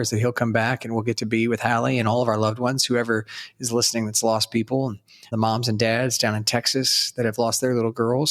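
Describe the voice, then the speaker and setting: A middle-aged man speaks gently and reflectively as a podcast co-host, with a voice of ordinary pitch. He sometimes stops to search for the right words. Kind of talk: faith podcast talk. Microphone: remote recording, separate location.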